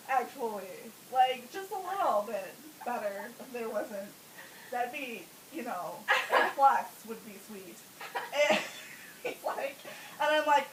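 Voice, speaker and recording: A woman's voice: high voice, sing-song, unhurried. A young woman telling a crude, funny story casually, often breaking into laughter mid-sentence. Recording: roomy sound from a distance with faint hiss.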